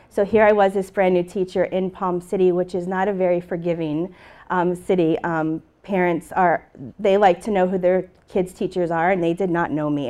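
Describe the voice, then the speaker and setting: A woman's voice: fairly low pitch, dark tone. Earnest woman teacher telling her story. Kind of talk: presentation talk with slides.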